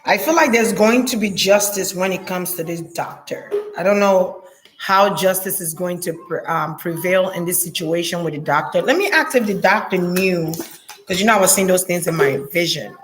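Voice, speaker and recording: A woman vlogging in a casual, blunt and profane monologue, talking straight to her viewers, laughing often, with lively jumps in pitch. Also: normal speed, slight background noise.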